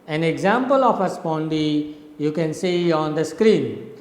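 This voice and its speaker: A man from India, a professor of English literature, explaining poetic meter slowly and deliberately, repeating his examples. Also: fairly high pitch, lively intonation, darkish tone. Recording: echoey room with long reverb.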